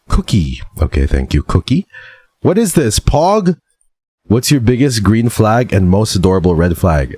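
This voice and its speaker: A man's voice: sits low, dark tone, slightly rough, no room sound. A man streaming casually, reading viewer messages aloud in a playful, teasing way and laughing often.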